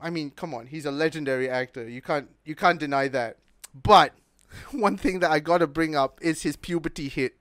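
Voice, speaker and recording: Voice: mid-range voice, moderate pace, few pauses, fairly bright tone, dry recording, clean studio sound. A podcast co-host in casual chat, blunt and profane, laughing often.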